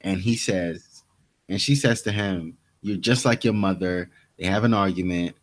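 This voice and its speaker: A man's voice: deep voice, normal speed. A young man co-hosting a podcast, casually retelling TV scenes and acting out the characters' lines with many restarts. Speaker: podcast co-host. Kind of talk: casual TV recap chat.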